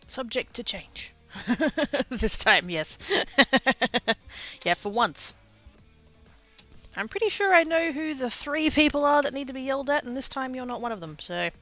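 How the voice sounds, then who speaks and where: A woman's voice: high voice, very animated, unhurried, pushed and bright, no echo, lo-fi sound, soft background music. A woman with an Australian accent chatting casually on a live stream, rambling, laughing often and swearing casually.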